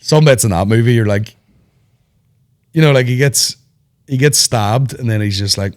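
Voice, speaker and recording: A man hosting a podcast, rambling in animated, sweary banter. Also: medium pitch, moderate pace, pauses often. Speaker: podcast host. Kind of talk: casual chat.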